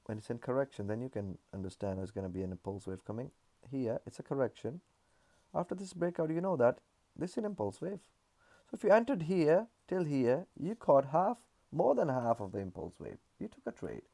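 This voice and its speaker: A man's voice: medium pitch, big pitch swings, fairly quick, gravelly, warm tone. A man casually walking through market charts, explaining in a loose, repetitive way with frequent fillers. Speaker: trading analyst.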